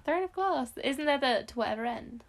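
A woman's voice: high-pitched, lively intonation, brisk. A woman co-hosting a casual book discussion, chatty, laughing often and acting out characters' lines. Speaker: podcast co-host.

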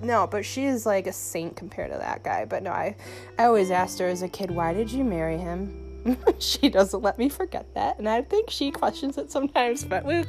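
A young woman hosting a solo podcast into her phone, rambling, profane and sarcastic, with sudden jumps in pitch. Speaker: podcast host.

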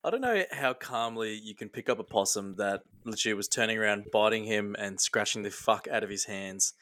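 Aussie guy on a podcast, low dry voice, wry and mocking. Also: fairly quick, fairly bright tone, no echo. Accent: Australian. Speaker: podcast co-host. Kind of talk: casual podcast banter.

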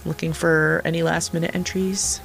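A man's voice: on the high side, little pitch movement, normal speed, gravelly, fairly bright tone, faint music behind. A man hosting a livestream who runs the giveaways and chats casually, reads comments aloud, and pads his talk with fillers. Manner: easygoing, filler-heavy, reads chat aloud. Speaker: livestream host running giveaways. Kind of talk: casual stream chat.

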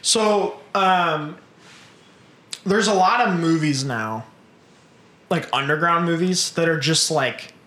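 A man chatting casually, telling stories in an animated way and swearing a lot. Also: a little high, slow pace, long pauses, echoey room. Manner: profane, animated storytelling. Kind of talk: casual chat.

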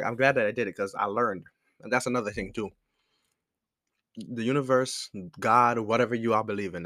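A man's voice: mid-range voice, fairly bright tone, no room sound, studio quality. Candid young man telling a story. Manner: candid, rambling, self-correcting, slangy. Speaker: podcast host. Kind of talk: casual storytelling monologue. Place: room with a squeaky chair.

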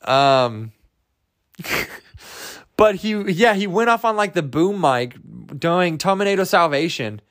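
Man, podcast host, slightly high voice, rambling, profane, jokey, casual monologue. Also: lively intonation, a little slow, pauses often. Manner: loose, profane, jokey, with many fillers and restarts.

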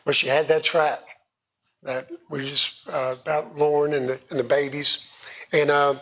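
A man with a drawl preaches from personal testimony. His voice sits a little high for a man, and he talks haltingly, restarting phrases and doubling words as he goes. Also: flat delivery, fairly bright tone. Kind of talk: sermon testimony.

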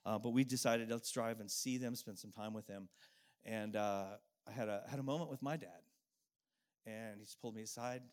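Earnest middle-aged man preaching. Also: lowish voice. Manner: earnest, emotional storytelling with pauses and repetition. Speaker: pastor. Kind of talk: sermon.

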